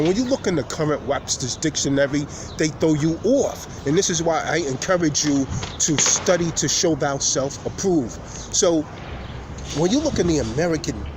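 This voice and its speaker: Male host, slightly high, preachy lecture cadence, outdoors with traffic noise. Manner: emphatic, preacher-like delivery with drawn-out pauses. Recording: street noise behind the voice.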